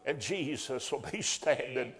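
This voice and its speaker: A man preaching a sermon in a folksy way, rising to loud emphatic bursts. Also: medium pitch, lively intonation, unhurried.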